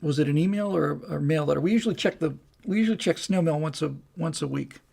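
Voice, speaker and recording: A man's voice: fairly high pitch, fast, vocal fry, a little mellow, husky. An older man hosting a live stream, chatting casually and reading comments in a rambling, folksy way. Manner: rambling, folksy, restarts and asides.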